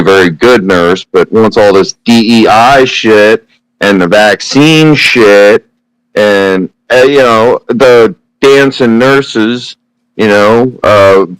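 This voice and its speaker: A man's voice: medium pitch, fairly bright tone, no echo, poor audio. A man speaking as a podcast guest, blunt and profane in casual chat.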